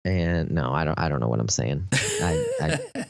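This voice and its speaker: A man's voice: rumbling low, huge pitch swings, normal speed, creaky, no room sound, studio quality. A man with a Texan accent chatting casually on a podcast, explaining at length with plenty of "um" and "like". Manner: rambling, lots of fillers, enthusiastic explaining. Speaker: podcast host.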